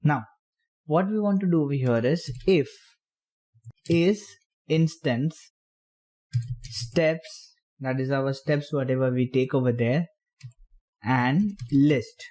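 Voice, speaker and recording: A man explaining programming step by step while typing, in halting phrases. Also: mid-range voice, darkish tone. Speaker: programming tutor. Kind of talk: screen-recorded coding tutorial.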